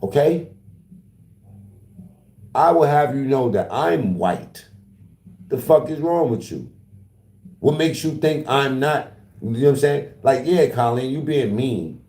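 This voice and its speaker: A man's voice: medium pitch, expressive, slow pace, long pauses, a little mellow, roomy sound. A man livestreaming in casual talk to his chat, taunting and profane as he trash-talks.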